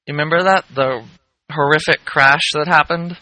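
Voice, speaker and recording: Playful bright-voiced man. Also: fairly high pitch, steady tone, normal speed, no echo, poor audio. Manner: playful, goofy asides. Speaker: podcast co-host. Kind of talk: casual chat.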